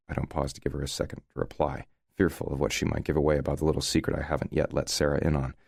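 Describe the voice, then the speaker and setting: A man's voice: a bass voice, level tone, very fast, creaky, hardly any pauses, a little mellow, dry recording. A man narrating a first-person romance audiobook in a wry, conversational way, recorded close to the mic.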